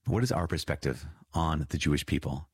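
A man with a very low, slightly husky voice walks listeners through a catechism reading. He explains earnestly and repeats key points with emphatic lifts. The sound is dry and close. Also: lively intonation, brisk, no room sound. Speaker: priest teaching the Catechism. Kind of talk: spoken teaching commentary on a reading.

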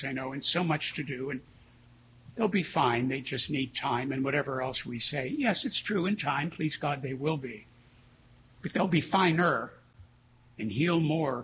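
A man preaching a sermon as a priest, telling stories in an earnest, reflective way with slow pauses. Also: mid-range voice, a bit bright, a little hiss or hum, low-quality recording.

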